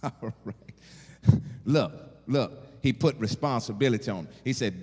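Preacher, male, lively call-and-response sermon, echoing sanctuary. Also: medium pitch, unhurried, husky. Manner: animated, call-and-response, laughing asides. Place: church sanctuary. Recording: long hall reverb.

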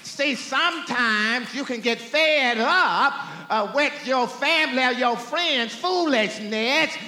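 A man preaching a sermon as pastor to a responding congregation, drawing out his phrases slowly and building to shouts. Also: very high voice. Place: church sanctuary. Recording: roomy hall with long reverb.

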